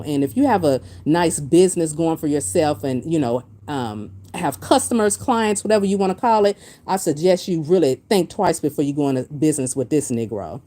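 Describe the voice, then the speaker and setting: A woman hosting a casual commentary stream, blunt and profane, reacting to viewers' comments as she talks. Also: low-pitched. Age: adult with a master's degree. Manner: blunt, profane, animated, reads chat comments aloud. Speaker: commentary channel host.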